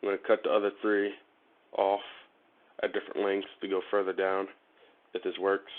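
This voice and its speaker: A man's voice: deep voice, completely flat delivery, normal speed. Man, laid-back, jokey, chatting to viewers mid-repair, thin phone-like sound. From Ohio, USA. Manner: joking, laid-back, chats to viewers while working, laughs often. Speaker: motorcycle vlogger. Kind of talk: casual live-stream chat while wiring a motorcycle. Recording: phone-like narrow-band audio.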